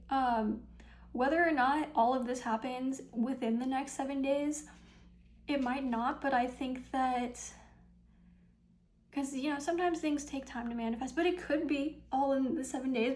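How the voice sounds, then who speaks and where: A young woman doing a casual, upbeat tarot card reading, chatty and full of ums and small laughs, with some vocal fry. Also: high voice, moderate pace, darkish tone, poor audio. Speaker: tarot reader.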